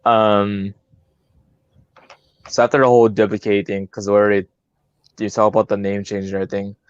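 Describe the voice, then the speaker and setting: A man's voice: fairly low pitch, flat delivery, moderate pace, clear, resonant tone, dry recording. A man co-hosting a podcast, talking in a hesitant, filler-heavy way and laughing often. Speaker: co-host. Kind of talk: casual podcast chat. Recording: dull lo-fi sound.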